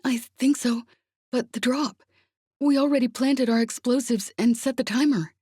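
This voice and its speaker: A woman's voice: sits high, normal speed, dark tone, slightly rough, dry recording, studio quality, voice pushed up. A woman reading an audiobook, voicing a frantic young man calling for help over a comm. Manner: urgent and breathless.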